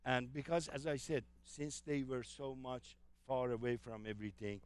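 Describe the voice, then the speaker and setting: A man's voice: medium pitch, fairly even intonation, normal speed, clean tone. A man giving an enthusiastic travel talk to a live audience, telling anecdotes with frequent fillers. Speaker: travel presenter.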